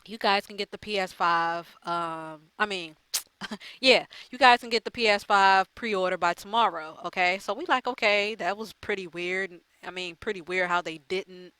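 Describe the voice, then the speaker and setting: Gamer girl ranting to her viewers, swears a lot, rambles, smooth bright voice, dry room. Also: medium pitch, normal speed, no room sound. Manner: chatty, profane, rambling with fillers. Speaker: gaming YouTuber. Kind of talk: casual chat to camera.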